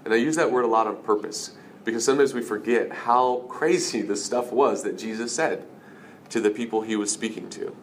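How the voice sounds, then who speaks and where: A man's voice: lowish voice, fairly quick, a little hiss or hum. A male pastor preaching a sermon in a conversational, emphatic way.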